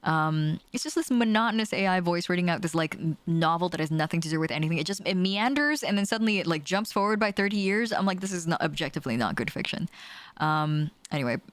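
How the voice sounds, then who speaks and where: Young woman streamer, lowish voice, very expressive, dry close desk mic. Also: fast, hardly any pauses, clear, resonant tone, dry recording. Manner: animated, swears casually, laughs often, reads chat aloud. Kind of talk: casual chat with live chat while gaming. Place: small home room with doors closed.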